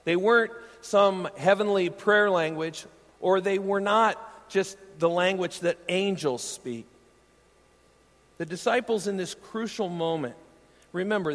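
High-voiced preacher in a reverberant hall. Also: male voice. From Iowa. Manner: animated, emphatic preaching with rhetorical questions. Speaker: pastor. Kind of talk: sermon. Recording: long reverb of a large hall.

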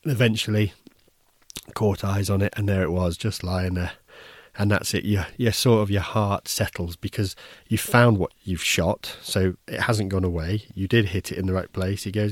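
Speaking at normal speed with fairly even intonation, a low-voiced man hosts a podcast with no echo. His casual first-person storytelling is easygoing and wry, and he keeps restarting sentences.

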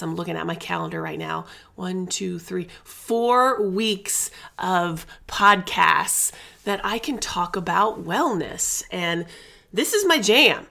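A woman's voice: medium pitch, vocal fry, fairly bright tone. A middle-aged woman hosting a casual wellness podcast, talking candidly and chattily and dropping in endearments and the odd swear word. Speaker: podcast host.

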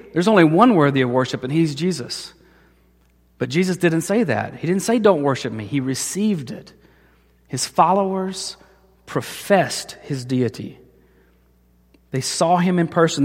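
A man preaching a sermon as pastor, telling stories and acting out the voices of the people in them. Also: a little high. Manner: storytelling, acts out voices in quotes. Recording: long hall reverb.

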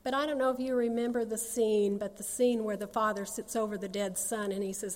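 A woman's voice: medium pitch, steady tone, fairly quick, a little mellow, long reverb tail. A woman, sharing her personal testimony in a folksy, earnest storytelling manner. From North Carolina, USA. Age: 60s.

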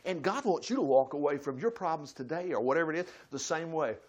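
A male preacher with a fairly high voice. He talks in a folksy, conversational way, jumping from loud exclamations to low, quiet asides. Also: expressive, fast, highs cut off. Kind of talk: sermon.

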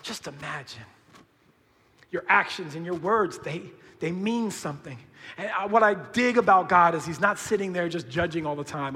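A man preaching a sermon as pastor, conversational and full of slang, swinging between hushed and shouted emphasis. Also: on the high side, normal speed, in a large hall.

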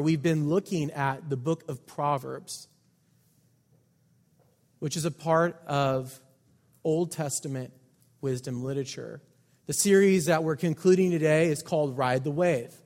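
A man preaching a sermon as pastor, emphatic, with loud stresses and quiet asides. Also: fairly high pitch. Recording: long hall reverb.

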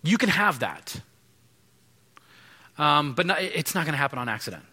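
A man's voice: fairly high pitch, big pitch swings, normal speed, pushed and bright, slightly rough. A man in his thirties preaching a sermon to a congregation, conversational, with frequent restarts and fillers. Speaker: pastor. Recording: long reverb of a large hall.

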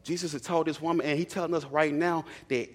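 Slightly high and steady in tone, this young preacher talks fast, telling stories in a relaxed, chatty sermon. He often repeats lines for emphasis, and the recording carries a long hall reverb.

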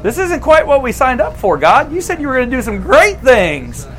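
A man's voice: very high voice, huge pitch swings, normal speed, a bit bright, voice pushed up, heavily acted. A man playing a chatty, impatient old patriarch. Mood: exasperated. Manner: casual modern slang, talking straight to God.

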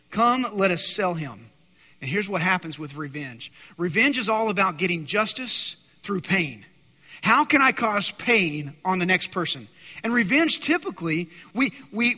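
Animated high-voiced preacher in a hall. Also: male voice. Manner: animated storytelling, acting out voices. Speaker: pastor. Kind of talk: sermon.

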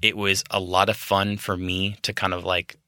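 This is a man in his thirties from the United States, chatting casually on a podcast he co-hosts with his wife. His voice is very bright and ringing, recorded close and dry with no room sound. He talks loosely, with lots of "like" and "um," and laughs easily. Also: low-pitched, moderate pace, clear, resonant tone, dry recording. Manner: relaxed, filler-heavy, laughs easily. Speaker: podcast co-host. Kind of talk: casual chat.

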